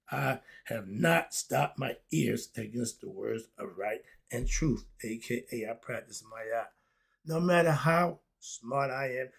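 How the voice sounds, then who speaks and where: A man giving a blunt, casual solo monologue. He reads a line aloud and then riffs on it in his own words. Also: medium pitch. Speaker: solo commentator.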